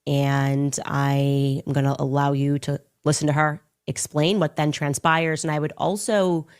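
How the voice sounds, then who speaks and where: A woman with a low voice hosts a commentary livestream. She lays out events in a measured, explanatory way. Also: flat delivery, a little mellow, clear, resonant tone. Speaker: livestream host.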